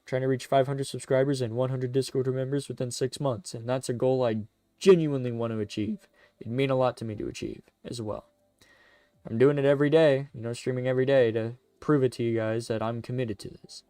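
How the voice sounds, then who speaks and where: This live streamer has a clear, resonant, medium-pitched voice and talks fairly quickly, stumbling and fixing his words mid-sentence as he rambles. His tone is excitable and chatty, with no echo in the recording.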